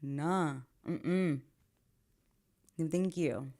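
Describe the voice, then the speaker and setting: A woman's voice: sits low, extremely slow, heavy background noise. A woman hosting a reaction video, chatting earnestly with lots of fillers and now and then dropping to a whisper. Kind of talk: casual reaction commentary.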